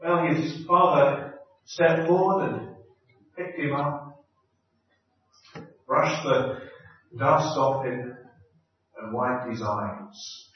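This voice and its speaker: A man preaching a sermon, telling stories in a slow, deliberate way with pauses and small hesitations. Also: mid-range voice. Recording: echoey hall, distant dull mic.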